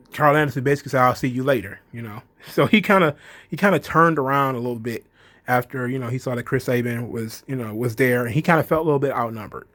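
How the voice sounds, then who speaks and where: A man's voice: medium pitch, fairly bright tone. A man giving a loose, rambling casual recap, filling his talk with "you know" and "kinda". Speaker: wrestling show reviewer.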